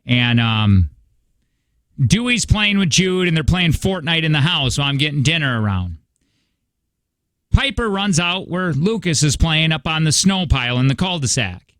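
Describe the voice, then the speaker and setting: A male morning radio host in his thirties, telling long rambling stories in easy chat. His voice sits a touch high. The studio sound is close and dry. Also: big pitch swings, normal speed, a bit bright, no echo. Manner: rambling storyteller, chatty. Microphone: studio microphone.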